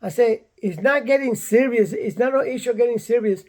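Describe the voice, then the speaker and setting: An older man from Puerto Rico telling a personal story in a blunt, animated way, repeating himself and acting out what people said. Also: extremely high pitch, fairly quick.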